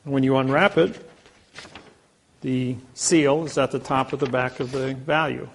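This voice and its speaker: A man's voice: medium pitch, fairly even intonation, unhurried, gravelly, slight background noise. A man speaking to a live audience, telling boastful stories and acting out the quotes of others. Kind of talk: anecdotal lecture to a live audience.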